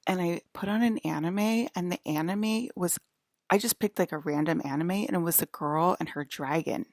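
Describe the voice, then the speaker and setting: A young woman with a low voice tells a long personal story in loose, casual speech. She rambles and fills her talk with fillers and swearing, and laughs often along the way. The sound is dry and close, with no room around it. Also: fairly quick, no room sound. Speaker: vlogger.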